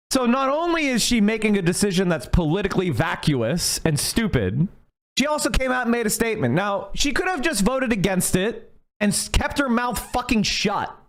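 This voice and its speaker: A man streaming a heated political rant, angry and profane, fired up as he goes. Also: sits high. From United States.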